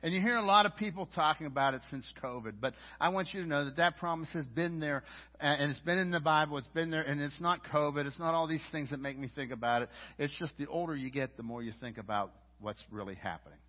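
A middle-aged man preaching a sermon as a pastor, swinging between loud emphatic lines and quiet low asides. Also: fast. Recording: dull lo-fi audio.

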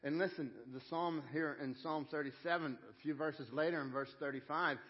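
A man delivers a sermon in an earnest, conversational way, circling back over his phrases as he goes. His voice sits a little high for a man. The recording is dull and lo-fi. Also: fairly even intonation, moderate pace. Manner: earnest, conversational preaching with repeated phrases and restarts. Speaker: pastor.

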